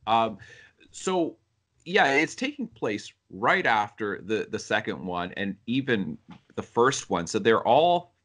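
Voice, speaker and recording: A man's voice: on the low side, sing-song, takes it slowly, fairly bright tone. A man co-hosting a casual film review chat, talking in a thoughtful, rambling way with many fillers and restarts. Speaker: film review podcast co-host.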